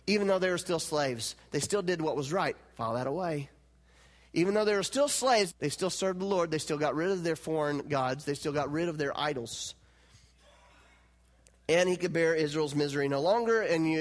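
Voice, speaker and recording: Guy preaching a sermon, high voice, laid-back and chatty, lots of hall reverb. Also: moderate pace. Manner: conversational, laughs often, plays out God's lines with rising intensity.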